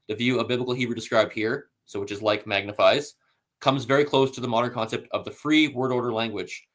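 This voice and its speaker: A man of ordinary mid-range pitch hosts a casual scholarly talk. He explains step by step, pausing on "uh" and checking in with "right?". He also reads passages aloud from his sources. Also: a bit bright. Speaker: host.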